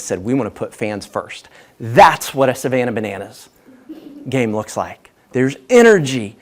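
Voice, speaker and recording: A man giving a humorous business talk as guest speaker, telling self-deprecating stories. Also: mid-range voice. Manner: lively self-deprecating storyteller.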